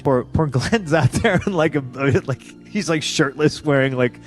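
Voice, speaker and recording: A man's voice: on the high side, normal speed, faint music behind. A man in his thirties, a pro wrestler as a podcast guest, telling stories bluntly and with constant swearing. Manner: profane, blunt, animated when quoting others. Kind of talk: casual storytelling interview.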